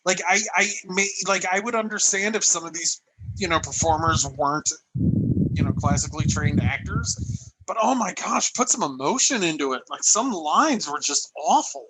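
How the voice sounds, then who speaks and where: A podcast guest complaining emphatically in casual chat. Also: male voice, fairly high pitch, expressive, normal speed, sharp tone, a little hiss or hum, rough recording. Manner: exasperated, emphatic.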